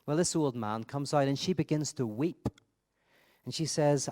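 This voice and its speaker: Halting, reflective male conference speaker. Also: mid-range voice, dark tone. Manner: halting, repeats words, reflective. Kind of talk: conference talk with storytelling.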